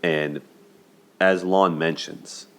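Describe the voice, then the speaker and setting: Speaking extremely slowly in a deep, steady voice, a dating and movie commentary host chats his way through a movie's romance. He regularly checks in with "right?" and laughs.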